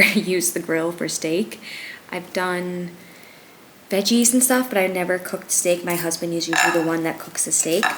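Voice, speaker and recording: A young woman chats to camera from her living room floor, relaxed and upbeat, with a slightly low-pitched voice. She speaks like a personal trainer sharing tips, with frequent easy fillers. A faint hiss sits under the recording. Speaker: vlogger, personal trainer and nutrition coach. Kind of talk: casual vlog chat to camera while eating.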